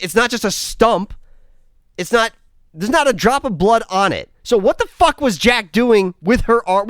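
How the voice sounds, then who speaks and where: Male film reviewer, casual and sarcastic, swears a lot; very animated delivery, dry close-miked sound. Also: sits high, no room sound. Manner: rambling, sarcastic, swears freely.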